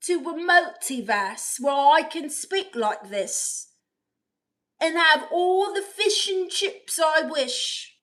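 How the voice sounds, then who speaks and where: A woman putting on an exaggerated posh English voice, speaking slowly and theatrically. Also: high-pitched, a bit bright, voice pushed up, exaggerated voice. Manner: slow, drawn-out, theatrical. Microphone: phone.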